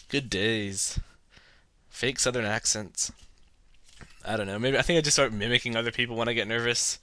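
Podcast guy from north carolina, jokey and self-mocking, bright dry voice. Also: mid-range voice, normal speed, pauses often, no room sound. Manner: self-mocking, joking, chatty. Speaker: podcast host and movie reviewer. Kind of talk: casual rambling monologue.

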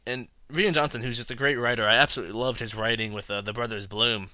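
A man's voice: medium pitch, fairly even intonation, fast talker, bright, forceful tone, no room sound. A man from North Carolina hosting a movie podcast, rambling and joking at his own expense. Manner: self-mocking, joking, chatty. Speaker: podcast host and movie reviewer. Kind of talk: casual rambling monologue.

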